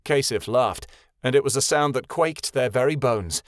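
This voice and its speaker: Male audiobook narrator, mid-pitched, steady storytelling, dry close recording. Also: normal speed, no echo. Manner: steady storytelling, voices every character. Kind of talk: scripted fantasy narration.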